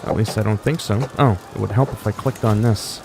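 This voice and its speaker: A man's voice: on the low side, brisk, gravelly, background noise. A man casually commenting while streaming a strategy game, brash and profane, slipping into mock-regal lines. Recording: faint game music behind.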